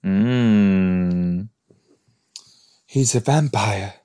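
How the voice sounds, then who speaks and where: A man with a lowish voice talks through an episode as a casual watch-along. He speaks slowly and thinks aloud. He is chatty and joking, with plenty of filler words. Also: dark tone, clear, resonant tone. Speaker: podcast host.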